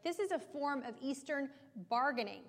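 A woman's voice: high-pitched, animated, moderate pace. Woman teaching a Bible study in a hall. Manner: explanatory, conversational, checks in with listeners.

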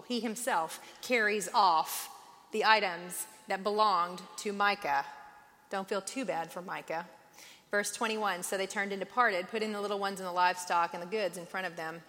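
A woman in her forties teaching a Bible study, lively and conversational, acting out the voices she quotes. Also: mid-range voice, in a large hall.

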